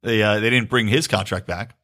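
A man's voice: lowish voice, fairly even intonation, a little fast, pushed and bright. A man hosting a podcast, delivering a sarcastic, ranting political commentary monologue and swearing freely. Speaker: podcast host.

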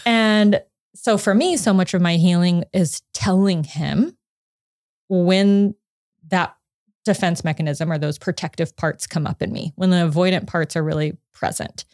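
A psychotherapist in her thirties chats on a podcast and tells a personal story with energy, slipping into voices for the people in it and laughing as she goes. Her voice sits a little low. The sound is close and dry. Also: unhurried, dry recording. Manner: animated storytelling, acts out quotes, laughs often. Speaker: psychotherapist guest. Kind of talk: casual podcast conversation.

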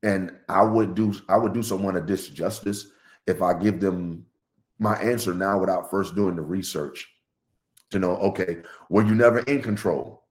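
A middle-aged man talking in a casual podcast chat, animated and laughing often as he tells a story. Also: normal speed. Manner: animated, laughs often, jumps high when excited. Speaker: podcast guest.

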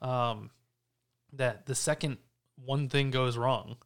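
A man's voice: medium pitch, fairly even intonation, slow pace, a little hiss or hum. A man hosting a casual podcast chat, talking in a snarky, profane, rambling way with frequent restarts. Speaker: podcast host.

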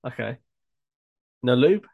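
A man's voice: medium pitch, animated, takes it slowly, gravelly, phone-quality sound. Male podcast co-host, playful teasing, frequent laughs. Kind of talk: casual banter.

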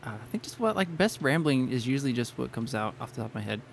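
A man's voice: medium pitch, very animated, quick pace, gravelly, slight background noise. A young man hosting a gaming podcast, rambling casually, laughing often and correcting himself. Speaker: podcast host. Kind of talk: casual banter while planning intros.

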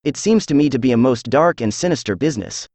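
A synthesized male voice reading the lines of a thoughtful male companion in a storybook, dry and even. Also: medium pitch, fast, dry recording. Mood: doubtful. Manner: flat synthetic delivery.

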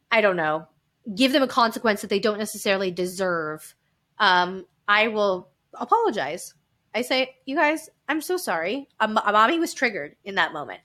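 Bright-voiced, frank woman guest. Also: a little high. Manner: frank and animated, with quick laughs and reenacted quotes. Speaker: podcast guest. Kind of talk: candid conversational storytelling.

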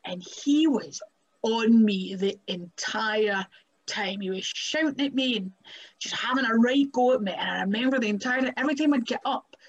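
A young woman with a medium-pitched voice, captured in a rough recording, is a guest wrestler sharing stories on a podcast. Her casual delivery is chatty, heavy on "like" fillers, and punctuated by frequent laughter.

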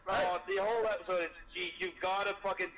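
A man co-hosting a casual podcast, retelling clips excitedly and swearing heavily. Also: high-pitched, quick pace, rough recording. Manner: excitable storyteller, heavy swearing. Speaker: podcast co-host. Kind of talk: casual chat.

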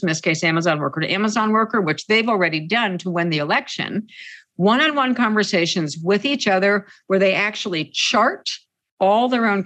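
A woman labor organizer answering interview questions in an emphatic, insistent way. She repeats her key points and slows down sharply to stress them. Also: fairly low pitch, a bit bright.

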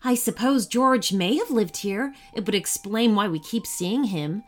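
A woman voicing a gentle, easygoing mother of two, talking in a homely, relaxed way. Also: mid-range voice, a little slow, lightly acted.

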